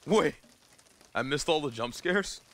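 A young man streaming a horror game, jumpy and excitable, swearing often as he plays. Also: a little high, a little slow, slight background noise. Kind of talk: live gaming stream commentary.

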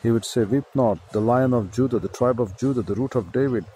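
A man's voice: medium pitch, brisk, dark tone, breathy edge, poor audio. A man with an Indian accent preaching a sermon, reading scripture verses aloud and explaining the words one by one.

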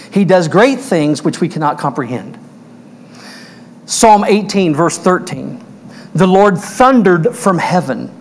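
Slow, emphatic preaching man. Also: sits high. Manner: emphatic, asks the congregation questions. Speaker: pastor. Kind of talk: verse-by-verse sermon. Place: church.

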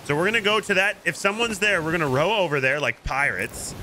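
Bright, excitable gamer man. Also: fairly high pitch, fairly quick, a little hiss or hum, low-quality recording. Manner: excitable, coaching, jokey. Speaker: streamer. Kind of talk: casual gameplay chat.

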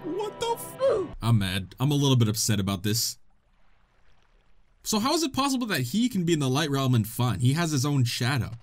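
A young man giving excitable, joking commentary while playing a video game, often laughing and swearing. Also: medium pitch, brisk. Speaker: gaming video host. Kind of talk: let's play commentary.

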